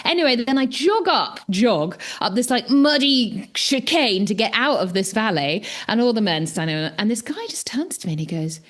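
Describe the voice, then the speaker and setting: A woman co-hosting a podcast, telling a story in a casual, animated way, acting out what people said and laughing often. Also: normal speed, few pauses. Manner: animated, acts out quotes with big pitch jumps; laughs often, many restarts. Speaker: podcast co-host.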